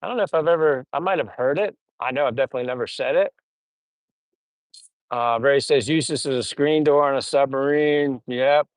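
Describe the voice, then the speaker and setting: A middle-aged man with a mid-range voice talks briskly on a casual stream from his home in the Philippines, rambling through funny old stories and reading out the live chat. The recording has no echo but is low quality.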